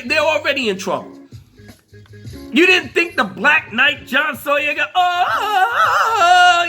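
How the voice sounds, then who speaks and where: A male vlogger hosting his own show in an animated, profane, laughing rant. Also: sits high. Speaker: vlogger host. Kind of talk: casual rant.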